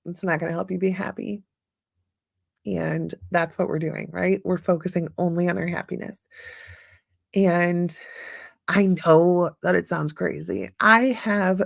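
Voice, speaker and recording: A woman's voice: lowish voice, vocal fry, no room sound, studio quality. A middle-aged woman hosting her own podcast, talking casually and upbeat, laughing often and filling her talk with fillers. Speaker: podcast host. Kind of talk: casual solo talk with listener comments.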